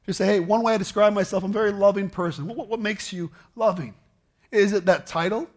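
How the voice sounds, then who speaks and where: A man's voice: high-pitched, fast talker. A middle-aged man preaching a sermon in a conversational way, putting questions to the congregation and often repeating words as he goes. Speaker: pastor.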